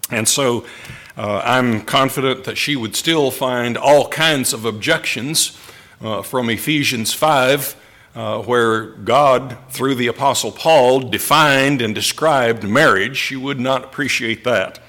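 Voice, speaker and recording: A man preaching a sermon to a congregation in slow, deliberate phrases with pauses for emphasis. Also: medium pitch, bright, forceful tone.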